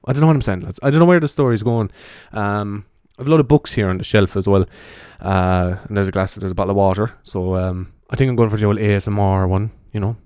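A man's voice: on the low side, fairly even intonation, fast talker, few pauses, clear, resonant tone, dry recording, studio quality. An Irish man rambling casually in a half-whispered ASMR style, talking into a handheld mic as he wanders around his bedroom. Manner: meandering, chatty, swears freely, soft hushed delivery. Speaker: podcaster. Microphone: handheld microphone carried around the room.

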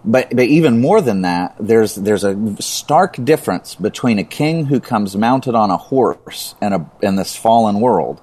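A low-voiced man teaching about the Bible in a relaxed conversation. He builds momentum as he talks, repeating words for emphasis. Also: measured pace, few pauses.

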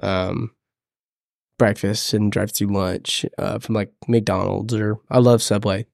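A man co-hosting a podcast, chatting casually in a hesitant, halting way. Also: lowish voice, fairly even intonation, creaky, no echo, studio quality. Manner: hesitant, halting, many restarts and fillers. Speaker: podcast co-host. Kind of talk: casual chat.

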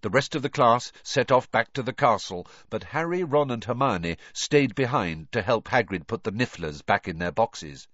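A man narrating a storybook in a measured, expressive way. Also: mid-range voice, no echo, highs cut off. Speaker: audiobook narrator.

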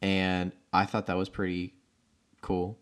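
Male podcast co-host, lower voice, blunt, teasing, conversational. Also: completely flat delivery, slow pace, smooth. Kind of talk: casual podcast chat.

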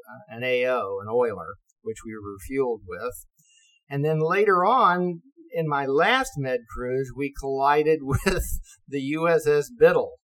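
A man's voice: medium pitch, low-quality recording. Older man, retired navy officer, casual storyteller who swears and laughs. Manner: lively, acts out quotes, swears and laughs.

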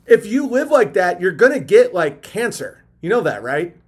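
A man hosting a casual livestream, reading out donations and rambling, with loud animated rants. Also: fairly high pitch, moderate pace. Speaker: livestream host.

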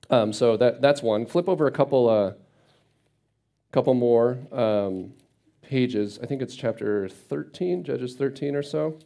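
Mellow-voiced man teaching scripture casually. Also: mid-range voice. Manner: conversational, paraphrases scripture in everyday speech. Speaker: Bible teacher.

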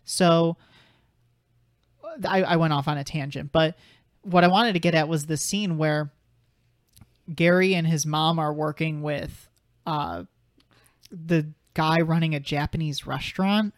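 A man's voice: fairly high pitch, fairly even intonation, unhurried, pauses often, dry recording, studio quality. A young man co-hosting a podcast, talking through a film in a casual, thoughtful way and arguing his point at length. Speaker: podcast co-host.

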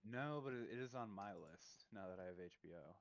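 Low-voiced man giving hedged opinions. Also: animated, vocal fry, dull audio. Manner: halting, hedging opinions. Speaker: podcast co-host. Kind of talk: casual film review chat.

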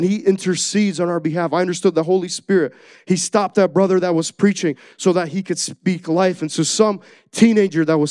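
A man's voice: high voice, mellow, no room sound. Earnest young male preacher, dry sound. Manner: earnest, conversational, many restarts. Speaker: youth preacher. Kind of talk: sermon with personal testimony.

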